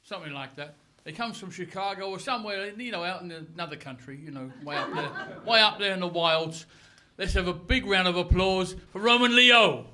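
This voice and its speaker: A man's voice: sits high, fairly quick, very noisy. A man hosting a comedy show, introducing the next act in a rambling, playful way. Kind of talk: emcee introduction.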